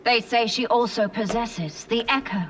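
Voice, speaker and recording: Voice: mid-range voice, moderate pace, a bit bright, natural voice. An actor voicing a ruthless imperial captor in a video game cutscene, speaking in a menacing, commanding way. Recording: distant game audio with faint background noise.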